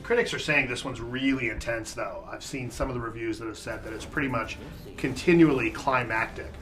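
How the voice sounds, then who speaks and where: A man's voice: medium pitch, fairly quick, a bit bright. A man co-hosting a film review show, talking through critics' opinions in a casual, conversational way.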